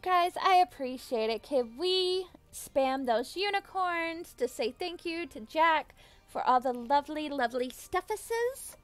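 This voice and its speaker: A woman's voice: high-pitched, lively intonation, unhurried. A young adult woman chatting casually with viewers on a live stream, bubbly and giggly, thanking them effusively. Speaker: livestreamer.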